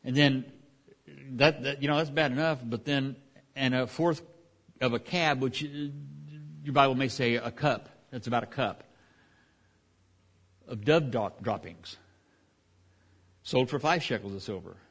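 Middle-aged male pastor, sermon, chatty, self-interrupting, mid pitch. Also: measured pace, long pauses, fairly bright tone. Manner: conversational, with frequent restarts and asides.

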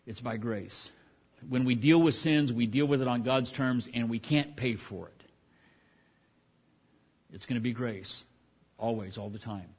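A man's voice: mid-range voice, slightly rough. Folksy rambling male pastor. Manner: rambling, folksy, many restarts and fillers. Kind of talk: casual Bible teaching.

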